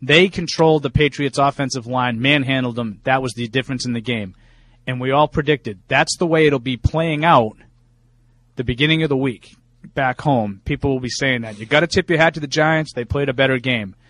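A man's voice: mid-range voice, fairly quick, fairly bright tone, no room sound. Middle-aged man, sports radio co-host, emphatic and opinionated, restarts his sentences, dry close sound. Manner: emphatic, opinionated, repeats words when restarting. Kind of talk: casual sports talk.

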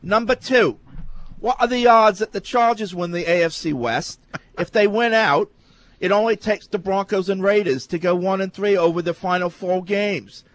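A man with a high-pitched voice, recorded dry and close, hosts a sports talk show. He reads listener questions and pokes fun at the players and the callers in a sardonic, mocking way. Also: moderate pace, fairly bright tone, no room sound.

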